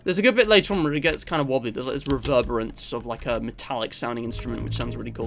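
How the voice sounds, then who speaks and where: A man's voice: medium pitch, brisk, creaky. A man from England chatting casually on a live stream, rambling with lots of fillers and self-deprecating asides. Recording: music playing under the voice.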